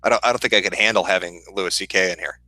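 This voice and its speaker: A man with a Midwestern accent, hosting a casual livestream and answering chat questions in a profane, deadpan, sardonic way. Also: sits low, racing, no echo, poor audio. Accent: Midwestern American.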